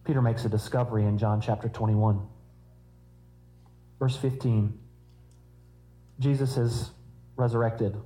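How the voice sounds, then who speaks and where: Male preacher, warm mellow tone, chatty sermon with jokey asides. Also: lowish voice, level tone, unhurried, pauses often, poor audio. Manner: conversational preaching with humorous asides.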